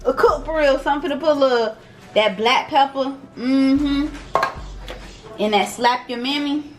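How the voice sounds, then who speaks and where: A woman's voice: sits high, unhurried. A young woman chatting casually and teasingly while she cooks for her channel. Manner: playful, teasing, slangy. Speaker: cooking vlogger. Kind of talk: casual cooking chat.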